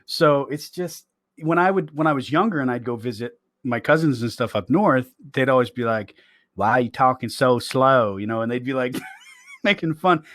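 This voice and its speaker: Jokey man with a lively voice. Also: medium pitch, normal speed, no room sound. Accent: mild mixed US accent with a slight Southern twang. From born in Rhode Island, raised in the US South. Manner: jokey, laughs often, tries out accents. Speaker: podcast co-host. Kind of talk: casual chat.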